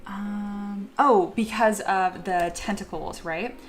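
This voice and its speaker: Relaxed woman narrating her sculpting. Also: on the low side, a little fast, faint music behind. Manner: relaxed, thinking aloud with fillers. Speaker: 3D modeling creator. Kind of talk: casual tutorial commentary while sculpting.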